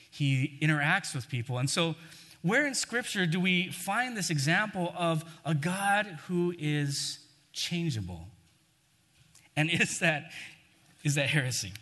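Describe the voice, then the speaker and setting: Conversational male preacher with a bright voice. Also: fairly high pitch, long reverb tail. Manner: conversational, acts out scripture quotes. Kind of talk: sermon.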